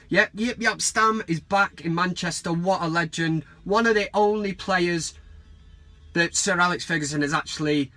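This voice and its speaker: Manc bloke ranting about football in his bedroom, swears a lot, bright slightly high voice. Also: dry recording. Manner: rambling, sweary, self-mocking. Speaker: fan vlog host. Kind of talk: casual bedroom vlog rant.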